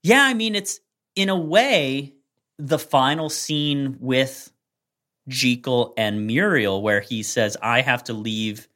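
A man of ordinary pitch spins a long, winding anecdote on a casual podcast. He talks loosely and animatedly, stacking fillers as he goes. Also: slow. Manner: rambling, animated storytelling with many fillers. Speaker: podcast co-host. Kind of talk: casual storytelling chat.

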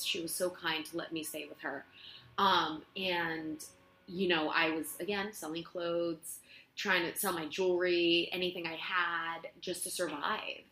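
A woman actress telling self-mocking stories in a casual interview in her apartment, quick to laugh. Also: on the low side, pushed and bright, slight background noise. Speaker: guest actress. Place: her own apartment living room. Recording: echoey room.

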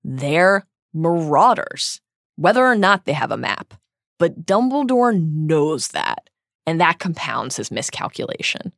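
Gravelly, expressive woman podcaster. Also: deep voice, unhurried, no echo, clean studio sound. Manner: reflective, analytical, emphatic on key phrases. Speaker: podcast co-host. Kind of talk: book-discussion podcast.

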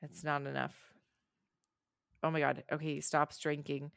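A woman co-hosting a casual chat, narrating a video as she watches and reacting with squeamish, excited exclamations. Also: low voice, moderate pace, creaky, clean tone, no echo, studio quality.

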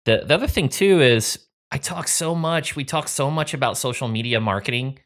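A man hosting an interview, responding in a measured and reflective way. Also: mid-range voice, expressive, a bit bright. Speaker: host. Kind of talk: podcast interview.

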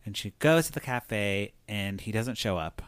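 A man casually retelling a film's plot, rambling and animated, peppering his talk with "like" and acting out the characters' lines. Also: lowish voice, normal speed, smooth, dry recording. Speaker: podcast host recapping a film.

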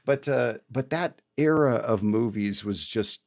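A man's voice: mid-range voice, measured pace, vocal fry, a little mellow. A man guesting on a podcast, talking about his past and his teaching in a rambling, enthusiastic way with many restarts, joining remotely. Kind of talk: casual interview chat. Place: remote, not in the same room as the hosts.

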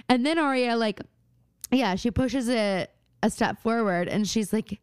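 A woman's voice: mid-range voice, darkish tone, clear, resonant tone, no echo, clean studio sound. A young woman co-hosting a podcast, recapping a TV episode in playful casual chat and acting out the characters. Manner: playful, acts out characters in quick asides. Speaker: podcast co-host.

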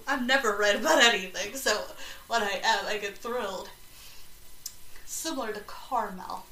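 A woman hosting a podcast, reading aloud slowly and haltingly and breaking off into chatty, excited asides. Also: mid-range voice, slight background noise. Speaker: podcast host. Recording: roomy echo, distant from mic, faint ambience.

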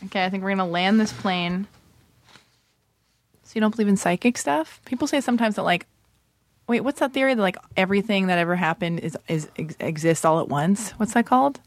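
A woman's voice: mid-range voice, fairly quick, no echo. Playful, teasing woman interviewer. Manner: playful, teasing, rambling questions. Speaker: host. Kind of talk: casual interview chat.

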